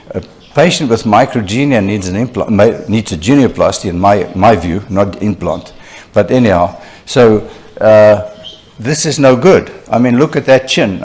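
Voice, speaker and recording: An older man, a surgeon giving a conference lecture, talking conversationally and telling anecdotes with frequent asides to the audience. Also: medium pitch. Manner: conversational, animated storyteller with frequent "you know" asides.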